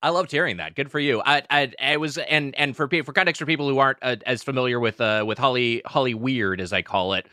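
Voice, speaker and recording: A man's voice: mid-range voice, sharp tone, no room sound, studio quality. A man co-hosting a podcast in casual chat, stumbling and restarting as he asks a question. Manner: halting, restarts words. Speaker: podcast host.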